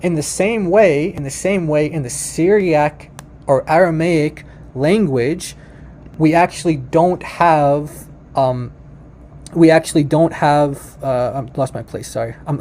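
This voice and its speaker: A man's voice: a little high, moderate pace, mellow, a little hiss or hum. A man teaching language in a casual, informal way, speaking directly to his viewers and often restarting his sentences. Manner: chatty and informal, addresses "you guys", frequent restarts.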